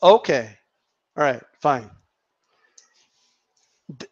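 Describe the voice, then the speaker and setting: Speaking slowly with frequent pauses, the boxing channel host swings his high voice through huge pitch changes as he rants casually to camera, profane, repetitive and mocking. The highs in the audio are cut off.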